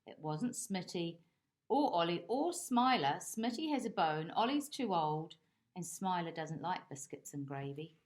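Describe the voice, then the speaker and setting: A woman's voice: fairly low pitch, lively intonation, unhurried. A woman voicing a hungry, grumpy male dog who growls and blusters while hunting for a thief in a storybook read-aloud. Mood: miserable.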